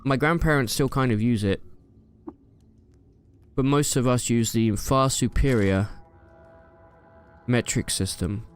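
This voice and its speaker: A man's voice: mid-range voice, slow, pauses often, clean tone, soft background music. Jokey young man commentating a game. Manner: playful, jokey, trash-talks enemies. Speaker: gaming YouTuber. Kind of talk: casual gameplay commentary.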